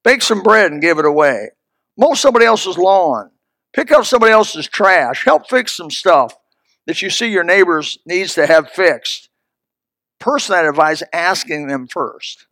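A man's voice: high-pitched, lively intonation, measured pace, fairly bright tone, no room sound, clean studio sound. A man pastor preaching a sermon in an emphatic, folksy, storytelling manner.

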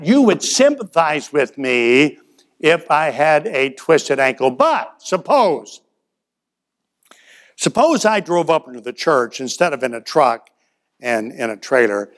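A man's voice: medium pitch, sing-song, measured pace. A man preaching a sermon in a folksy storytelling way, acting out little dialogues and letting his voice rise and drop. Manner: folksy storytelling with acted-out dialogue and shifts in loudness. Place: church.

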